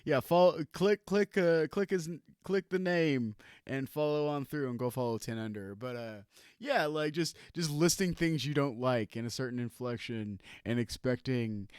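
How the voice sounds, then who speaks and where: A man streaming live, reacting to a video with sarcastic, animated commentary and frequent laughter. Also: mid-range voice, moderate pace, clean tone, no room sound, clean studio sound.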